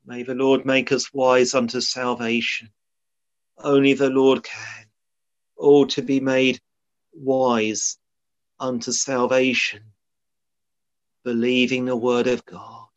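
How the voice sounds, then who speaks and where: A man's voice: mid-range voice, little pitch movement, slow pace, pauses often. A man preaching a sermon in a solemn, earnest way, often quoting old scripture. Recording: dull lo-fi sermon recording.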